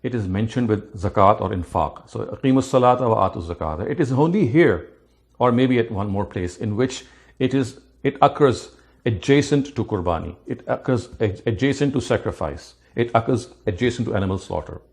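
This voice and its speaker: A man teaching scripture, explaining word meanings methodically, with frequent restarts and rapid recitation of verses. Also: fairly low pitch, animated, a little mellow. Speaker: religious teacher.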